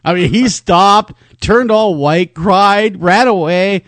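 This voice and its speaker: A man's voice: high-pitched, takes it slowly, no room sound. A man co-hosting a podcast, joking in casual chat and slipping into voices for his stories. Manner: joking, animated, puts on voices in anecdotes. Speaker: podcast co-host.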